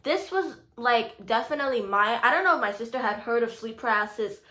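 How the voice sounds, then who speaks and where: A woman in her twenties telling a story to camera in a casual vlog, full of "like" and "you know," and animated when she acts out what her family said. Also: a little high, fairly quick. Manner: animated, voices the quoted family with rising excitement. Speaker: YouTuber.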